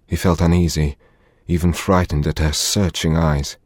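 A male audiobook narrator reads in a measured, dramatic style. His voice is very deep and slightly husky, recorded dry and close with no room around it. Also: level tone, a little mellow, dry recording.

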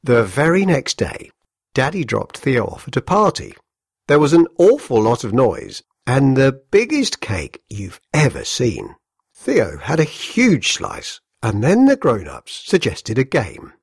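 A man reading a children's story aloud, gently amused and very expressive. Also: medium pitch, measured pace, gravelly, slightly rough, no room sound, clean studio sound.

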